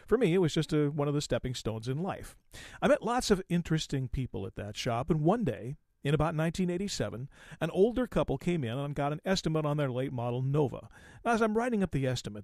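A man hosts a car podcast and spins a long story in a folksy, lively way, voicing the people in it as he goes. His voice sits a little high, and the sound is dry and close to the mic. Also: no room sound. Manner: folksy, animated retelling with quoted dialogue. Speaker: podcast host.

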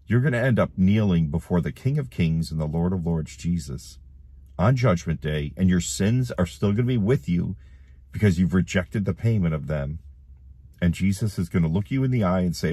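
Deep husky man preaching urgently. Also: normal speed, mellow, no echo. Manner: urgent, pleading, repeats himself. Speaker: online preacher. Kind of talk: gospel appeal to camera. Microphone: camera.

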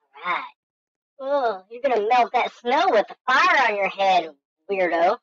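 A woman hosting a let's-play game commentary, goofy and excitable, talking to herself and making silly sound effects. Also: fairly high pitch, unhurried. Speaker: gaming channel host. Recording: dull lo-fi dry recording.

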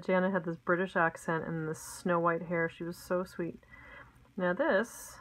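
A middle-aged woman with a slightly low voice teaches a craft project from her home desk. She talks in a chatty, homey way, full of ums and little asides as she works. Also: flat delivery, moderate pace, rough recording. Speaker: craft tutorial host. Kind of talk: casual step-by-step craft lesson.

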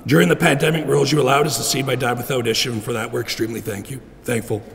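A middle-aged man giving a heartfelt funeral eulogy for his father in a church, clearing his throat often. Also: mid-range voice, fast. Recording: long reverb in a church.

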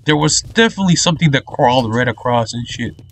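A man's voice: medium pitch, lively intonation, fast, a bit bright. A man doing let's play commentary on a horror shooter, jumpy, cursing often and muttering nervously. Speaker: gamer playing a horror shooter.

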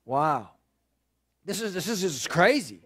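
A man preaching a sermon in a chatty style, checking in with "okay" and building to loud, emphatic points. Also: high voice, sing-song, slow, husky. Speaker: pastor.

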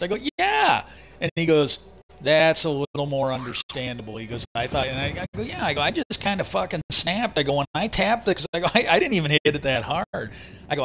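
A man's voice: on the high side, fairly bright tone, a little hiss or hum. A man streaming live, telling a long casual story, retelling conversations with "he goes" and "I go" and swearing freely. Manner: rambling, retells talks with "he goes" and "I go".

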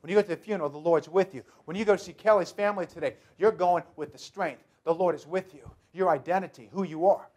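A man's voice: high voice, fast talker, hardly any pauses, a little mellow, breathy edge. A man pastor preaching a sermon, emphatic and repetitive, speaking directly to the congregation.

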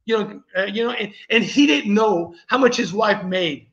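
Man, casual chatty vlog storytelling, raised pitch, echoey dull recording. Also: moderate pace, fairly bright tone. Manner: rambling, chatty, digressive. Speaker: vlogger host.

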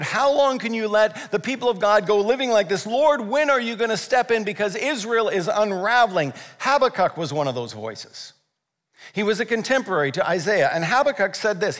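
A man preaching a sermon as pastor, animated, with dramatic scripture readings and quick jokes. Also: sits high. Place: church sanctuary. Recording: long reverb of a large hall.

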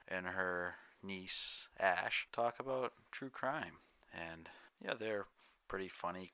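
A man's voice: sits low, pushed and bright, no room sound. A man co-hosting a casual book podcast, teasing and easygoing. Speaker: podcast co-host.

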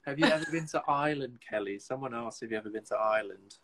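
A man's voice: mid-range voice, quick pace, fairly bright tone, slight background noise. A man hosting a casual live video chat over a phone, easygoing and teasing.

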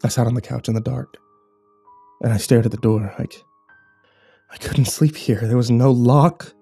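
Mellow-voiced man narrating horror. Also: mid-range voice, fairly even intonation, vocal fry, slightly rough, no room sound, soft background music. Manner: measured, hushed and tense. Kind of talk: scripted first-person horror narration.

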